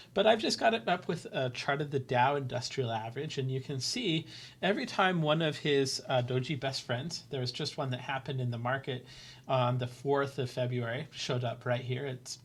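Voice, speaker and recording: A man hosting a webinar, reading out viewer questions and demonstrating software in a casual, upbeat way with many fillers. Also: mid-range voice. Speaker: webinar host.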